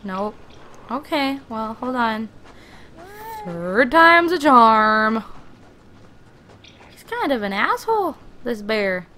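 A woman playing a video game and commenting casually, excitable and swearing freely as she chats to the characters on screen. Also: fairly high pitch, takes it slowly, long pauses, slight background noise. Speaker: let's play gamer.

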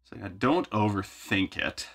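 A man with a fairly low voice chats his way through a songwriting session in his home studio. His pitch moves freely up and down as he mocks himself and thinks aloud. The talk is loose, wry and casual, like a vlog. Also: animated, unhurried, gravelly, fairly bright tone. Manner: wry, self-mocking, thinks aloud while working. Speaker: songwriter and video host.

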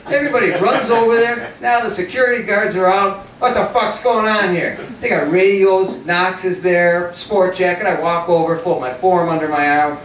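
A man reading his own first-person story aloud in a cafe, in an animated, profane storytelling manner. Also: high voice, normal speed, few pauses, a little hiss or hum. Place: cafe before an audience. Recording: roomy cafe sound from a distant mic.

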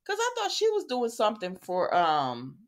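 A woman casually recapping a soap opera, chatty and animated, acting out quoted lines. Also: mid-range voice, moderate pace.

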